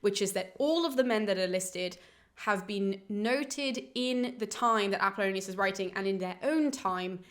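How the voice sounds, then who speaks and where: A young woman hosting a casual educational podcast, summarising a classical epic in a chatty, animated way, swearing freely and mocking the characters with quick voiced asides. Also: medium pitch.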